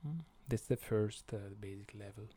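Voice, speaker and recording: A man with an Italian accent, Italian his first language, hosting an educational podcast and explaining slowly with many pauses and fillers. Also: fairly low pitch, mellow, husky, no echo. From Italy. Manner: slow and hesitant, many fillers. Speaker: podcast host.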